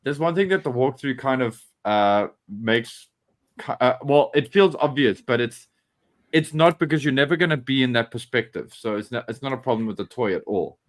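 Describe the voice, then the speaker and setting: A man's voice: medium pitch, normal speed. A man co-hosting a casual live-stream chat, chatty and joking, often restarting his sentences. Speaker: podcast co-host.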